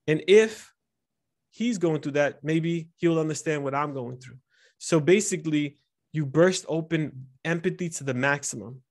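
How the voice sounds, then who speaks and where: A man's voice: on the high side, measured pace. Candid man telling personal stories. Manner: candid, vulnerable, animated storytelling. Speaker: speaker teaching instructors. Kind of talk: personal storytelling talk.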